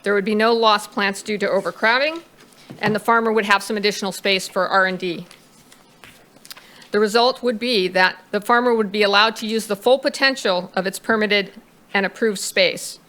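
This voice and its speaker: A woman's voice: mid-range voice, moderate pace, sharp tone. A woman consultant presenting to a planning commission, reading out figures with a few fillers. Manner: reads out figures, with some fillers.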